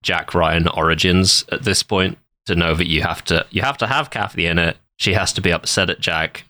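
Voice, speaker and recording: Podcast co-host, man, very deep but bright voice, wry, dry close sound. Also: normal speed, no echo. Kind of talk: casual chat recapping a film.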